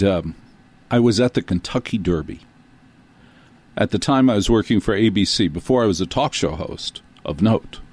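A talk show host from New Jersey with a fairly low voice, telling a long story in a loose, rambling way. He breaks off for self-deprecating asides and comic tangents. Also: a little mellow. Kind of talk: storytelling monologue.

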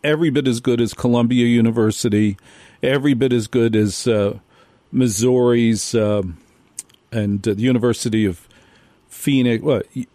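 A man's voice: medium pitch, warm tone, dry recording. A male radio host delivering a talk monologue, hammering his points with repetition. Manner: emphatic, repeats key points again and again.

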